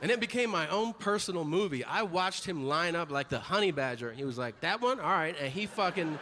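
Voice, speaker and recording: Male stand-up comic, animated delivery with sudden high character voices, live club recording with long hall reverb. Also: fairly quick. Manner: animated, jumps into high-pitched voices for quoted people. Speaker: stand-up comedian. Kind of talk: stand-up comedy routine. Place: comedy club stage. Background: audience laughter.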